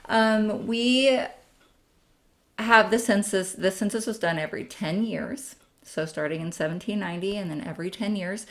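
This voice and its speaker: A woman's voice: medium pitch, normal speed, a bit bright. A young adult woman giving a chatty, friendly screen-share tutorial as a family history instructor, with frequent ums.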